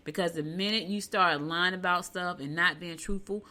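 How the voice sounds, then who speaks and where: Bright-voiced woman host. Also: on the low side, normal speed. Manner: folksy, animated storytelling with Southern US speech. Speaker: podcast host. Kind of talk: casual chat.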